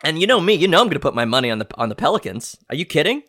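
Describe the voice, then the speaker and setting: A male podcast host runs through sports headlines for laughs, rambling and playfully clueless, stumbling through restarts and fillers. His pitch jumps around a lot as he riffs. The sound is dry and close, with no room around it. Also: big pitch swings, racing, sharp tone, no room sound. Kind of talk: comedic sports headline rundown.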